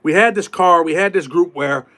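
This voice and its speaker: Middle-aged male host, high voice, casual street talk, salty language. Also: moderate pace, pushed and bright. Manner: streetwise, swearing, acts out prison voices. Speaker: podcast host. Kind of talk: casual live-stream talk.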